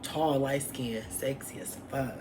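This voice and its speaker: A young adult woman vlogger telling an animated, profane story from her past and acting out what people said. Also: extremely low pitch, unhurried, slight background noise. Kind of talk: storytime vlog.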